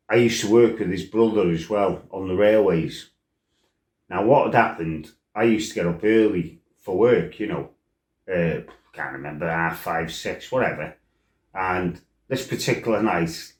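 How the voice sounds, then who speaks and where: A middle-aged man tells his own life story in a blunt, salty way, swearing freely and wandering into asides. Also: on the low side. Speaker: former fighter telling his life story. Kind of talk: casual storytelling monologue. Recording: roomy echo.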